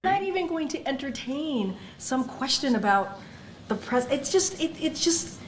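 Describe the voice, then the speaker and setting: A woman spokesperson answering reporters at a press briefing in a dismissive, halting manner. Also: sits high, very animated, reverberant, recorded from a distance, a little hiss or hum.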